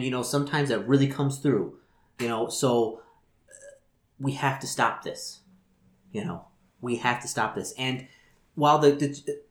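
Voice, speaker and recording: A man's voice: medium pitch, close to an everyday voice. A man voicing a foul-mouthed, scheming woman city official, stammering and repeating words in a roomy, echoey recording. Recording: roomy echo.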